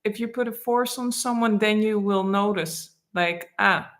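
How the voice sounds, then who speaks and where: A woman co-hosting a live online Q&A, speaking haltingly with many ums and restarts. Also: medium pitch, a bit bright. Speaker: co-host, internal arts teacher.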